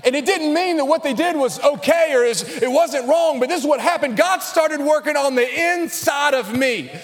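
A male pastor preaching a sermon to his congregation, building up to loud, emphatic calls and addressing the crowd directly. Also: very high voice, normal speed. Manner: preaching with rising intensity, calling out to the congregation. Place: large church hall. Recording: reverberant church hall.

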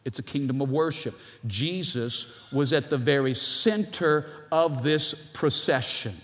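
Animated pastor preaching in a reverberant church. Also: male voice, medium pitch, measured pace. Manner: animated, playful asides to the congregation. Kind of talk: sermon. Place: church sanctuary. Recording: long hall reverb from the church.

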